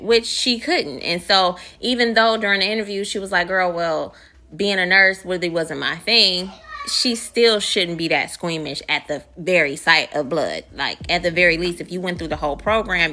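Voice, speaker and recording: A woman's voice: on the low side, pushed and bright. A woman casually recapping a TV show in a chatty, slangy, gossipy way. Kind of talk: casual chat.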